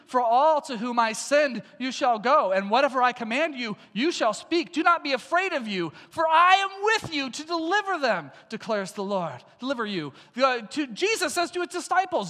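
A man's voice: very high voice, expressive, moderate pace, bright, forceful tone, big-room sound. A man preaching a sermon as pastor, emphatic and repeating lines for stress.

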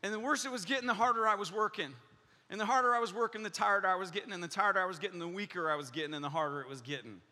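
Animated storytelling pastor in a reverberant hall. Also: male voice, high voice, rapid-fire. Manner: animated storytelling, acts out voices, laughs often. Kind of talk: sermon with personal story. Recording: long hall reverb in a large room.

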